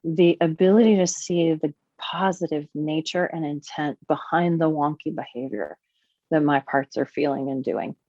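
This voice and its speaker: An animated, expressive woman talks through her ideas as a podcast guest, her fairly low voice leaping up in pitch when she gets excited. The sound is dry and close, with a dull lo-fi quality. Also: moderate pace, no room sound. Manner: animated, warm and expressive, with big swings in pitch. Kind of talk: conversational podcast interview.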